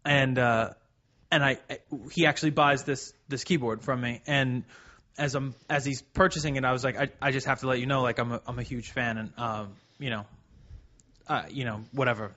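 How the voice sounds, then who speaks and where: A man co-hosting a podcast, telling a long story in a rambling, halting way and swearing freely. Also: medium pitch, steady tone, bright, forceful tone, muffled recording. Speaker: podcast co-host. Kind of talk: casual storytelling.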